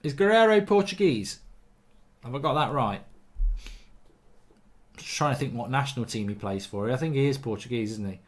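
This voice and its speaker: A man with a mid-range, expressive voice hosts a live football watchalong, chatting casually, reading out viewer comments and offering strong opinions. He's chatty and opinionated, and refereeing decisions quickly get him worked up.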